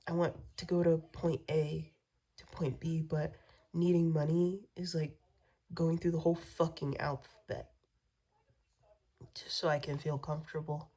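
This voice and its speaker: Vlogger, woman, low dark voice, profane rambling rant that slips into whispers. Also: level tone, a little slow, pauses often, breathy edge. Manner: profane, repetitive venting, drops to whispers.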